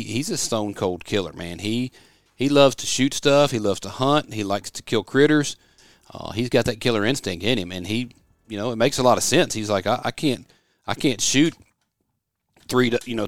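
With a lowish voice and no room sound, a middle-aged podcast host from West Tennessee chats casually in a studio office. He rambles and sounds folksy as he spins his stories.

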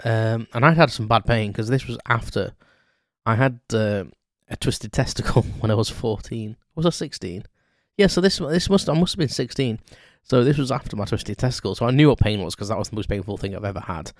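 A podcast host tells a story in an unscripted monologue, chatty and rambling, poking fun at himself and saying "um" a lot. His voice is lowish with a darkish tone, recorded with studio quality and no room sound.

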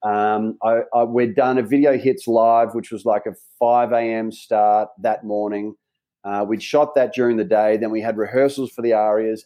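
A man's voice: lowish voice, mellow. An Australian man, a guest in a casual conversation, telling a rambling story full of restarts. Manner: rambling, chatty, with frequent restarts.

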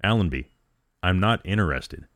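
A man's voice: low-pitched, normal speed, no echo. A man voicing a shaky, overjoyed lonely exile. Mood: wary. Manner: shaky, rising with excitement. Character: lonely exiled man, middle-aged, desperate and emotional.

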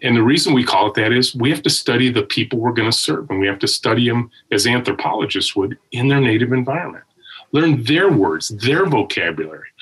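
A man's voice: medium pitch, breathy edge, low-quality recording. A man who is a guest and tech company founder, telling stories in conversation. He is emphatic and often adds "right?" to his points. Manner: animated, emphatic, with frequent "right?" tags. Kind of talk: conversational storytelling.

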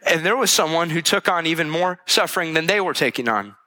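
A man preaching a sermon in an earnest, conversational way, voicing heartfelt prayers and dropping to a hushed tone for them. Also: on the high side, expressive, fairly quick. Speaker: pastor.

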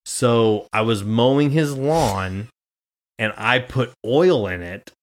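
This young Nebraska man hosts a podcast and talks at a slow pace in a medium-pitched voice. He chats casually about his family, swearing freely and acting out the people he quotes.

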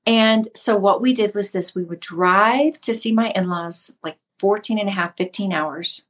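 A woman's voice: mid-range voice, normal speed, a bit bright. A middle-aged woman hosting a casual Christian livestream, teaching in a conversational way and greeting viewers by name. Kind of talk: casual devotional talk.

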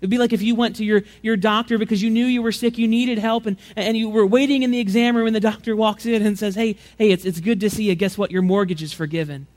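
Brief: male pastor, fairly high voice, casual sermon delivery, frequent stumbles and restarts. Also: steady tone, quick pace, few pauses, a little mellow. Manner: conversational preaching, acts out quotes with rising pitch and volume; frequent repeated words and restarts.

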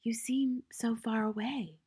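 Woman reading a gentle soft-spoken teacher. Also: a little high, steady tone, unhurried, slightly rough, pitched above the performer's own voice. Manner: soft-spoken, gentle, often near a whisper. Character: gentle, kind young woman schoolteacher. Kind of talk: audiobook character reading.

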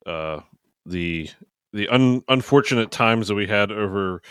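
A man hosting a podcast, speaking in a measured interviewer tone. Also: fairly low pitch, lively intonation, fairly bright tone, clear, resonant tone, no room sound, studio quality. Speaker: podcast host. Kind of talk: casual podcast chat.

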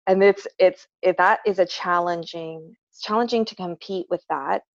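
A woman's voice: lowish voice, normal speed, no echo. A woman working as a behavior analyst, explaining patiently with everyday examples in a casual podcast chat. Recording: dull, slightly lo-fi dry recording.

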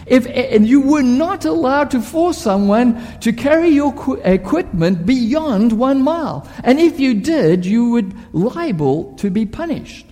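A male preacher delivering a sermon in a high, animated voice with a mellow tone. He tells stories vividly and poses rhetorical questions at a slow, deliberate pace. A long reverb from a large hall follows his words.

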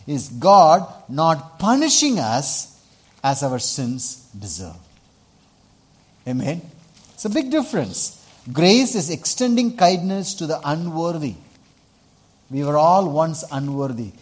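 Indian-accented male pastor, husky and a bit high, earnest sermon that calls for responses from the church. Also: very animated, takes it slowly, long pauses. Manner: earnest, repeats himself, asks the congregation for responses.

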